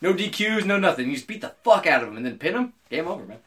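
A young man co-hosting a podcast in casual chat, animated and joking, swearing freely. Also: a little high, fast talker. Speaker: podcast co-host.

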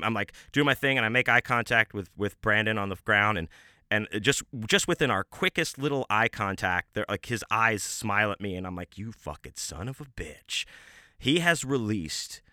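A man's voice: on the low side, bright, forceful tone, dry recording, clean studio sound. Profane, rambling man telling a story. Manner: rambling, profane, with many restarts and fillers. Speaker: podcast host. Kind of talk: casual storytelling.

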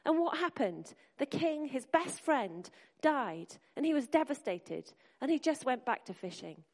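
Woman preacher, slightly high voice, earnest and encouraging, live in a big echoey church hall. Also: sing-song, a little slow, a little mellow. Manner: earnest, encouraging, speaks to the congregation directly. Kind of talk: sermon. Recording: long hall reverb.

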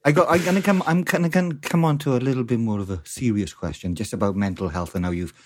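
A man co-hosting a podcast, asking questions in a halting, jokey way. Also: mid-range voice, a little mellow, a little hiss or hum. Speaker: podcast co-host. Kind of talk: casual podcast chat.

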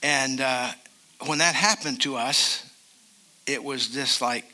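An older man preaching a sermon as a pastor, emphatic, and slowing down to stress key phrases. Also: medium pitch, fairly even intonation, sharp tone.

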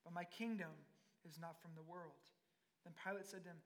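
A man's voice: on the high side, fairly even intonation, a little fast. A man preaching a sermon, reading scripture aloud and then explaining it with earnest, building intensity.

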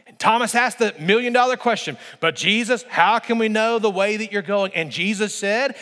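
A male pastor preaching a sermon with emphasis, slowing down to stress key phrases. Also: sits high, a bit bright, long reverb tail.

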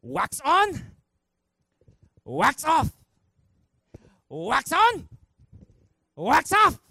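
Man putting on clipped, drawn-out old karate master, high and loud, dry sound. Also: huge pitch swings, creaky, dry recording, full character voice. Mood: insistent. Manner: clipped broken phrasing, slow and drawn out. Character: old male karate master, terse and patient.

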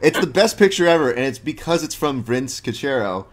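A man's voice: mid-range voice, lively intonation, fairly quick. A young man hosting a podcast in a laid-back, slangy chat, full of "dude" and storytelling. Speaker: podcast host. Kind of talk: casual interview chat.

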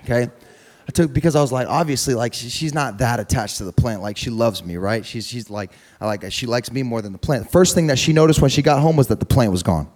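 A young man preaching a sermon through a funny personal story, chatty and repetitive, building to loud preaching. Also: medium pitch, quick pace. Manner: conversational, humorous, repeats words, rises to loud preaching.

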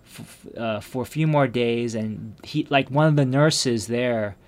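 A man's voice: medium pitch, measured pace. Hesitant man telling a personal story. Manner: hesitant, many restarts and fillers, trailing off quietly.

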